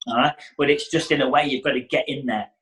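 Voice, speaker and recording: A man's voice: medium pitch, fairly even intonation, fast, fairly bright tone, rough recording. A middle-aged man, a hairdressing educator giving a casual teaching talk and acting out client exchanges. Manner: chatty, acts out client dialogue.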